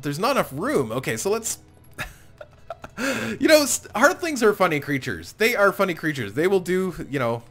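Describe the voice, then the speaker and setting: Man hosting a casual game playthrough, chatty, sing-song pitch, slightly high voice. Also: a bit bright. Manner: apologetic, chatty, self-mocking, laughs often. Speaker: gaming channel host. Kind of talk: casual let's-play commentary.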